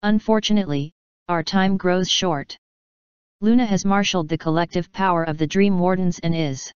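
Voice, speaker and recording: A woman voicing a calm, wise female narrative spirit in a storybook reading, earnest and measured. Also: on the low side, clean tone, no echo, dull audio, lightly acted.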